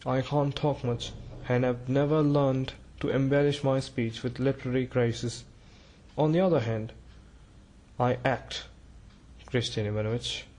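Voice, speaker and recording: A timid, awkward clerk who stammers and falters over his words, as a man reads him aloud. He is a male figure in a storybook reading, with a voice of middling pitch. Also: fairly even intonation, a little slow, darkish tone, close to an everyday voice. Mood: halting, earnest. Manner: stammering and hesitating.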